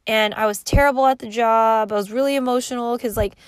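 A woman's voice: a little high, fairly quick, smooth, no echo, studio quality. A woman in her thirties telling a casual, rambling story, full of fillers and swearing. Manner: rambling, profane and animated, with many fillers. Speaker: vlogger.

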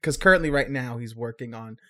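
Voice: mid-range voice, fairly quick, sharp tone. A let's play co-commentator chatting over gameplay in a playful, joking way.

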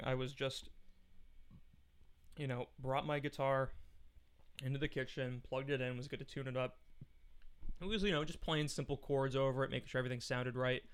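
Twenties guy on a podcast, clean smooth voice, middle pitch, goes off on long stories and cusses a lot. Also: a bit bright. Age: 20s. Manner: rambling, profane, laughs often. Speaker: podcast guest, musician. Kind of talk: casual podcast chat.

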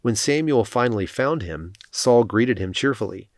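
A man reading scripture aloud as scripted narration, in a solemn, steady way. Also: mid-range voice, moderate pace, no echo, studio quality. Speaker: scripture reader.

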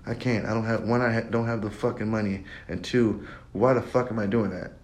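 A man's voice: lowish voice, steady tone, a little fast. A young man hosting his own podcast, talking in a rambling, profane monologue that loops back on itself. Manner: rambling, profane, repeats himself. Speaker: podcast host. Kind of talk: casual monologue.

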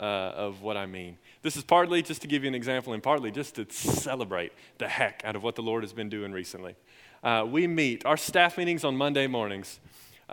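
A young man preaching as a youth pastor, telling stories in a lively, rising way. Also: mid-range voice. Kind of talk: sermon. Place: church sanctuary. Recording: long hall reverb.

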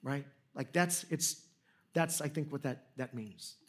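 A man's voice: a little high, measured pace. A man preaching a sermon in a conversational, storytelling way, joking at his own expense with frequent restarts. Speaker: pastor.

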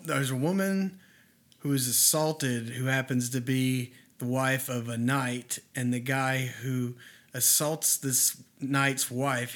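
A man's voice: mid-range voice, fairly bright tone. A man co-hosting a podcast, talking casually with hesitant, trailing sentences and some swearing. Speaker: podcast co-host.

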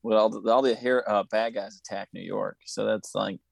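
A man's voice: lowish voice, fairly even intonation, normal speed, vocal fry, no echo. Rambling Southern US man. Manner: rambling, trails off and restarts. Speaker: podcast co-host. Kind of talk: casual chat.

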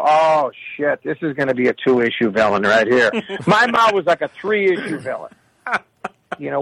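Man, slightly high voice, profane, animated, rambling comic stories, dry sound. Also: gravelly, no echo, rough recording. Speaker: regular of the show. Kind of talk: casual comedic storytelling.

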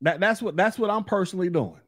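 A man's voice: high voice, quick pace, no echo, studio quality. A man hosting his own opinion podcast, talking bluntly and profanely in a heated rant. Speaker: podcast host. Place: recorded in Florida.

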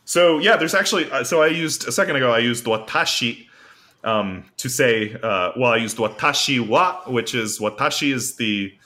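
A man with a bright, forceful voice co-hosts a loose, casual podcast. He rambles and fills his talk with "uh" and "um" while he explains language basics. His pitch sits in an ordinary middle range. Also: expressive, normal speed. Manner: rambling, filler-heavy, explains Japanese basics. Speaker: podcast co-host.

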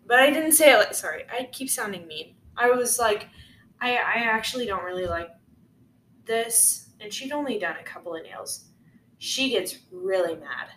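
Young woman rambling through a story, bright voice, echoey room with a little hiss. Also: mid-range voice. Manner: chatty, lots of "like", animated retelling. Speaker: podcast co-host. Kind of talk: casual chat, storytelling. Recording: echoey room, faint noise.

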